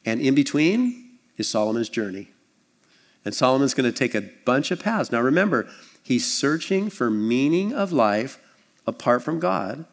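A man preaching a sermon as pastor, conversational and animated, acting out little scenes with asides. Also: mid-range voice. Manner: animated, acts out voices and scenes.

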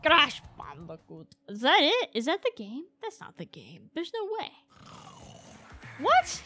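Woman gamer, very high and bright, unhurried, exclaiming in exasperation over faint game music. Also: huge pitch swings. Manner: exasperated, exclaiming, says "bro" a lot. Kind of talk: let's-play commentary.

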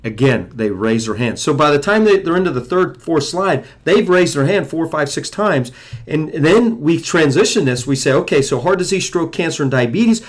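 A man's voice: fairly high pitch, expressive, normal speed. A man coaching chiropractors on running a weight loss workshop, emphatically acting out exchanges with the audience. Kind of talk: teaching a seminar.

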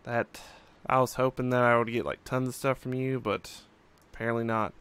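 A man's voice: mid-range voice, little pitch movement, normal speed, fairly bright tone, smooth. A young man casually commenting on his own gameplay, musing and thinking aloud with frequent fillers. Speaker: let's play host.

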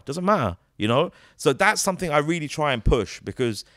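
A man talks in a casual interview, his pitch bouncing all over as he jokes and swears. He drops into quick impressions of other people mid-sentence. The sound is dry and close, with no room echo. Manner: animated, jokey, swears freely, slips into quick character voices. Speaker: comedian and actor, guest.

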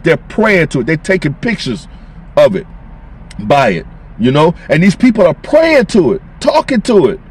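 A man's voice: high-pitched, a little mellow, slightly rough. A man preaching on scripture as a street preacher, emphatic and repetitive in informal phrasing.

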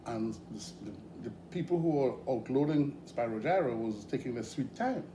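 A middle-aged man from Grenada with a Grenadian accent, guesting in a casual interview, telling stories in an animated way with frequent laughs. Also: medium pitch, moderate pace. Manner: animated, hesitant with fillers, laughs often. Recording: echoey room with background noise.

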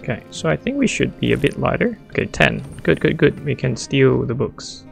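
Gravelly-voiced man, excitable gamer thinking aloud, soft game music behind. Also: medium pitch, moderate pace. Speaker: gamer playing a strategy game. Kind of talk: casual let's-play commentary.

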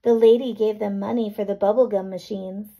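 A woman teacher reading a picture book to children, gently explaining and checking in with little questions. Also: mid-range voice, fairly even intonation, brisk, creaky, dull audio. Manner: gentle, checks in with "right?" and "okay?".

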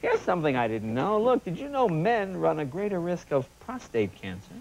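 A man hosting a talk show, running a comedic monologue of joke headlines with animated punchlines and asides to the audience. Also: fairly high pitch, normal speed, gravelly, rough recording. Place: TV studio stage. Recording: TV studio with audience laughter and noise. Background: studio audience laughter.

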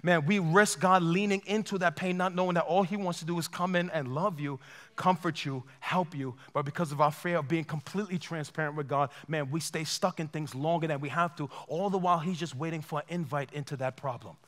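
A man's voice: on the high side, brisk, fairly bright tone. A man preaching a sermon as pastor, impassioned and acting out heartfelt prayers in a large church. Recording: long church hall reverb.

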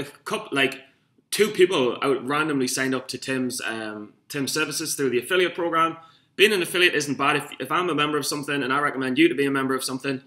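Speaking from his echoey room, a young vlogger from Newcastle with a Geordie accent rambles casually, swears, and makes self-mocking remarks. His mid-range voice comes across as pushed and bright.

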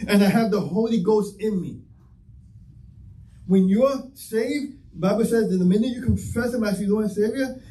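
Heard from a distant mic in an echoing church hall, with a little hiss or hum, a pastor with a high, dark voice preaches. He speaks conversationally and acts out small dialogues for his congregation.

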